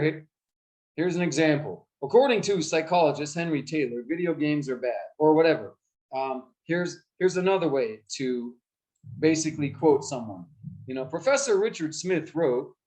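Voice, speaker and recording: A man with a slightly high, darkish voice teaches a class of children how debate works, repeatedly asking students questions and acting out short examples as he explains. The recording quality is low.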